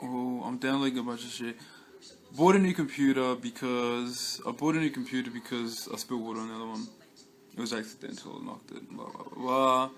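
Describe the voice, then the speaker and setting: A man's voice: medium pitch, fairly even intonation, a little fast, slight background noise. Rambling, swearing Australian guy. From Western Australia. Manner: rambling, heavy swearing, many restarts and fillers. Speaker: vlogger. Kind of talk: casual rambling vlog chat.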